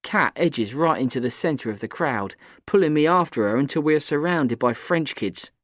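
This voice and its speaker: A man's voice: a little high, expressive, normal speed, a bit bright, no room sound. Dry, close male audiobook narrator. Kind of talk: scripted first-person narration.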